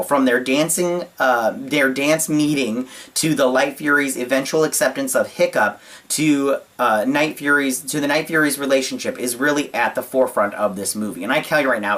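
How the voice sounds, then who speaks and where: A man with a mid-range voice reviews a movie on his own channel. He talks casually and gushes with excitement, filling his speech with lots of "uh" and "like."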